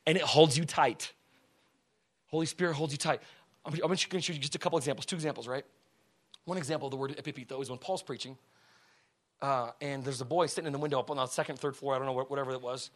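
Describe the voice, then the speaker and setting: A man preaching a sermon to a congregation in slangy, conversational talk, swinging from shouts down to hushed words and often asking the crowd questions. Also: mid-range voice, fast talker. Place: church before a congregation.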